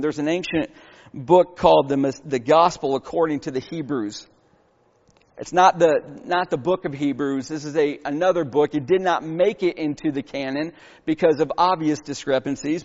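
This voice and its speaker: A man with a high voice preaches a sermon, earnest and emphatic, pressing his points with rhetorical questions. His voice rings with a long reverb in a church hall, and the recording sounds dull and lo-fi. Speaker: pastor.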